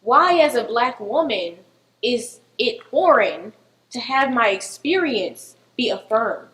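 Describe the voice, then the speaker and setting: A woman talking earnestly in a group discussion, reflective and slowing on the points that matter to her. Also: a little high, animated, a bit bright, rough recording.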